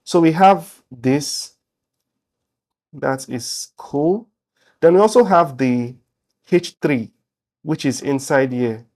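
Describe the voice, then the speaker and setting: This web development lesson comes from a man with a fairly high voice who speaks slowly and pauses often, relaxed and thinking aloud while typing code in a screen-share tutorial.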